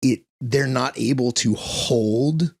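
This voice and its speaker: A man who trains dogs, a guest on a casual interview, telling profane, animated stories and acting out the voices of the people and animals in them. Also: mid-range voice, takes it slowly, dry recording, clean studio sound.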